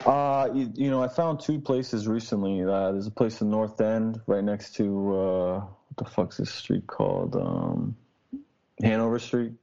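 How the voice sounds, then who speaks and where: A man's voice: fairly low pitch, lively intonation, a little slow, creaky, mellow, highs cut off. A man, a guest who talks in a brash, rambling way, swearing often in casual chat. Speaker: podcast guest, street DJ. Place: Boston.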